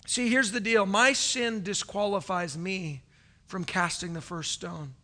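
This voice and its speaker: A man preaching a sermon from a stage. He swings between loud calls and hushed asides and acts out the voices of churchgoers. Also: high voice, fairly even intonation, a little slow. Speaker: pastor. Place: stage before a congregation.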